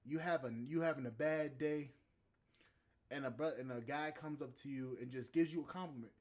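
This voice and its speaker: A man's voice: mid-range voice, moderate pace, a little mellow. A man hosting a podcast, ranting in a heated, profane, rambling monologue. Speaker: podcast host. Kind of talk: casual podcast rant.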